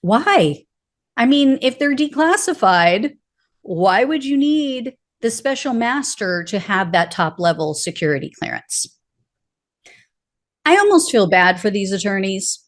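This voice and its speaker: A woman hosting her own political commentary show, talking in a sarcastic, mocking, animated way. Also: lowish voice, a little slow.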